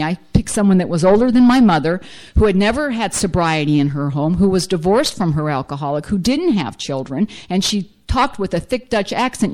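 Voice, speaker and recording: A woman's voice: medium pitch, a little mellow. A middle-aged woman speaks to a recovery group about her own story. She is blunt and self-mocking. She talks in loose, run-on sentences full of "you know". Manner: blunt and humorous, fills speech with "you know". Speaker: speaker sharing at a recovery meeting. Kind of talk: personal recovery share to a group.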